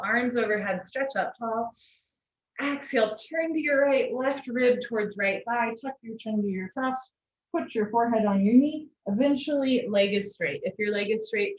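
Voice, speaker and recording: A woman's voice: mid-range voice, normal speed. Woman calling yoga cues over a video call. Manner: calm spoken cues with gentle asides. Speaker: yoga teacher. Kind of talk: live online yoga class instruction. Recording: echoey lo-fi video call audio.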